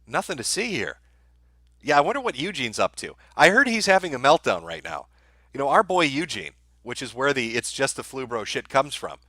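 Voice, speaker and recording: A man's voice: medium pitch, big pitch swings, normal speed, bright, forceful tone, no room sound. A man hosting a live stream, reading out viewer messages and answering them with sardonic, profane commentary.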